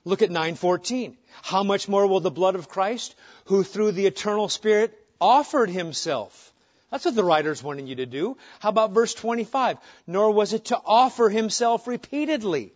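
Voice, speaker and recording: A man preaching a sermon as pastor, asking his listeners question after question and moving between loud emphasis and soft pleading. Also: sits high, animated, moderate pace. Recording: muffled lo-fi sound.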